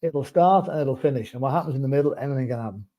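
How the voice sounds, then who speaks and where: A man's voice: mid-range voice, racing, warm tone. A man co-hosting a casual live stream, easygoing and outspoken, often stumbling on words, talking over a remote call. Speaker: co-host.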